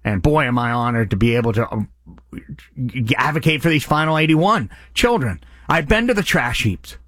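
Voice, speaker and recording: A man's voice: medium pitch, animated, normal speed, fairly bright tone, dry recording, clean studio sound. A man hosting a radio charity appeal, speaking in an earnest, impassioned way. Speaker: radio host.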